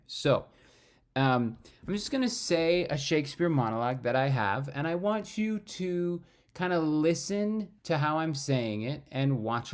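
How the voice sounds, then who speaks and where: A man teaching acting in a relaxed, chatty way, often checking in with "right?". His pitch swings widely as he talks. He speaks at an unhurried pace. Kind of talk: casual acting lesson with monologue demonstration.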